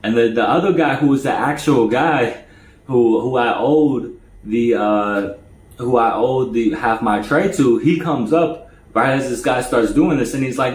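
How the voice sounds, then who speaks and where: A man's voice: mid-range voice, unhurried, roomy sound, rough recording. A man telling a personal story in a casual way, often stuttering and repeating his words. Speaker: storyteller recounting jail time.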